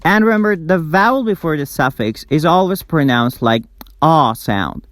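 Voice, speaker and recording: A man teaching English word stress, slowly drilling word lists one by one. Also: on the high side, animated, a bit bright, no echo, studio quality. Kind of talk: slow, deliberate pronunciation lesson.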